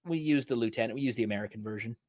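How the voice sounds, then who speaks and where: A man's voice: medium pitch, very fast, a little mellow, no echo. A Canadian man with a Canadian accent, chatting casually with dry, self-deprecating humor. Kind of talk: casual chat.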